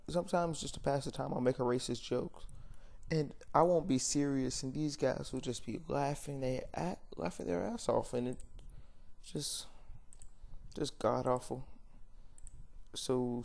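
His voice is medium-pitched, gravelly, and warm. The young man is a vlogger ranting unscripted to camera, bluntly and ramblingly, often pausing on fillers and correcting himself.

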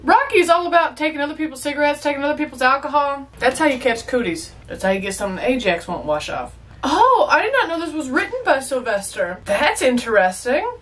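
A woman's voice: sits high, very animated, brisk, fairly bright tone, recorded from a distance, a little hiss or hum. A young woman chatting playfully as she reacts to a movie, with joking asides. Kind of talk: casual reaction commentary.

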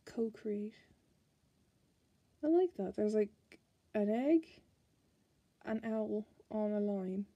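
A woman's voice: medium pitch, dark tone, no echo. An Irish woman chatting casually as she flips through a card deck, musing aloud and restarting her sentences. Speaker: tarot card reviewer.

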